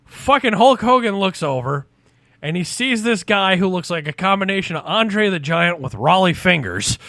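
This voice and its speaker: A man in his forties, a podcast host, telling a story in casual, profane chat, animated and loud at the big moments. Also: high-pitched, moderate pace, creaky, dry recording, studio quality.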